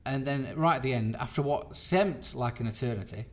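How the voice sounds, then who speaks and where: A man's voice: mid-range voice, moderate pace. A man, a magician, rambling through an anecdote in casual chat, full of fillers and trailing off. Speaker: magician, podcast co-host.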